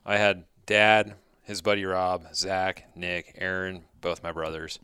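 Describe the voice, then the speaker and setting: A man's voice: deep voice, level tone, slow, pushed and bright, clear, resonant tone, dry recording. A young man co-hosting a podcast, talking in a laid-back, blunt way with short agreeing replies. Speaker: podcast co-host. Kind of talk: casual chat.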